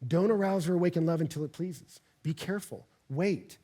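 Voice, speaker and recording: Male pastor, husky tenor, earnest sermon delivery with emphatic swells. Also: a little high, fairly quick. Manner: earnest, builds to loud emphatic peaks when reading scripture. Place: church.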